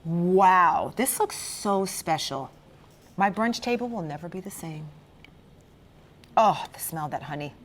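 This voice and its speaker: A woman with a lowish, expressive voice hosts a cooking show, speaking a little slowly with long pauses as she tastes the food and gushes with enthusiastic exclamations while chatting with a chef. A little hiss or hum is audible.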